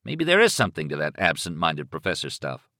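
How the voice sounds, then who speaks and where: A man's voice: extremely low pitch, wildly swooping pitch, a little fast, pushed and bright, dry recording, studio quality, exaggerated voice. A man voicing a tense, barking frightened man. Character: terrified man hiding his fear on a phone.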